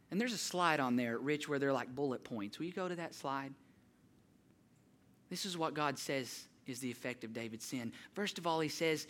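Bright-voiced man preaching a sermon. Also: medium pitch, normal speed. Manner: storytelling, building to impassioned rhetorical questions. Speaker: pastor.

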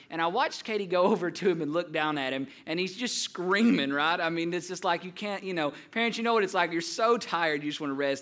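A young man preaching a sermon as pastor, telling a story earnestly with restarts, rising in energy and then dropping soft. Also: a little high. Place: church.

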